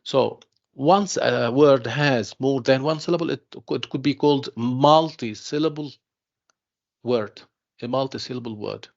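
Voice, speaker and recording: Male tutor, gravelly voice, patient repetitive teaching, lo-fi online audio. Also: mid-range voice. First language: Arabic. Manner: slow, repeats himself, calls students "dear students", mixes in Arabic explanations. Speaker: university English tutor. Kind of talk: online class lecture. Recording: dull lo-fi online class audio.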